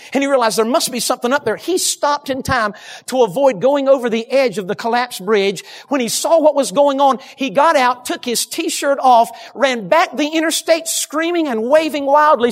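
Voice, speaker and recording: A man preaching a sermon from a church platform, telling stories and addressing the congregation directly. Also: extremely high pitch. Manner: storytelling, emphatic, addresses congregation.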